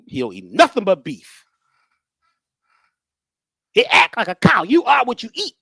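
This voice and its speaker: Woman lecturing casually, lots of stories, lively up-and-down voice, dry close sound. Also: a little high, unhurried, creaky, husky, no room sound. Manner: conversational, animated, acts out voices.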